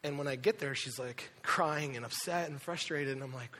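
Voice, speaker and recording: A man preaching a sermon, telling a personal story with lively asides and quick impressions of the people in it. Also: fairly high pitch. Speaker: pastor. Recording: reverberant hall.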